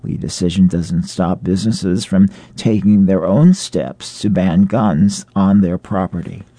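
A man reading local radio news in a measured delivery. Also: low-pitched, mellow, dry recording. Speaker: local newscaster.

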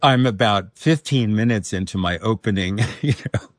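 A man guest telling a personal story in an animated way, acting out what others said. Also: lowish voice, normal speed, no room sound, studio quality. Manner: storytelling, animated, acts out quotes. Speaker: interview guest. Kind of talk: personal anecdote.

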